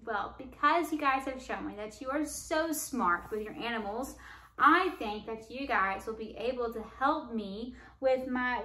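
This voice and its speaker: A woman reading a picture book aloud to young children, animated and coaxing as she asks them questions. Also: on the high side. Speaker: storytime reader. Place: library room. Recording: echoey room.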